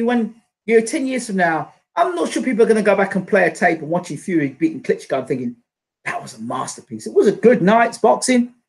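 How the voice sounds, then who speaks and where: A man hosting a boxing channel, giving his casual, opinionated reaction commentary with lots of fillers and restarts. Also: sits high.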